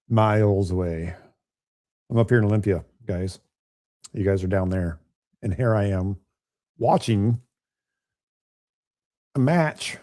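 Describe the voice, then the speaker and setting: A raspy, hoarse man with a lowish voice calls a pool match from a quiet room at home. His tone is dark and mellow, and he keeps chatting and joking with the viewers between shots. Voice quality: raspy from a chest cold. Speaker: remote pool commentator. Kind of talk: casual live commentary.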